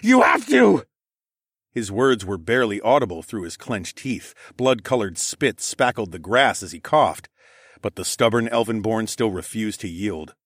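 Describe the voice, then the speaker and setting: A man narrating a fantasy story in the first person with dramatic, expressive reading. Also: fairly low pitch, normal speed, no room sound, clean studio sound.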